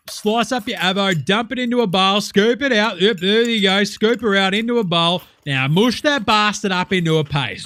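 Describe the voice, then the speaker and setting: A man puts on a brash, crude Australian cooking-show host for a comedy sketch. He is loud and swaggering, peppering his patter with slang and swearing. The voice sits a little high with a bright, pushing edge. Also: slight background noise.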